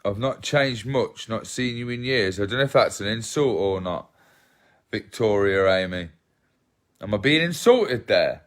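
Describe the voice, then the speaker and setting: A man's voice: lowish voice, expressive, measured pace. A man, chatting casually on a livestream, rambling, swearing and reading viewer comments aloud. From England. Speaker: livestream host.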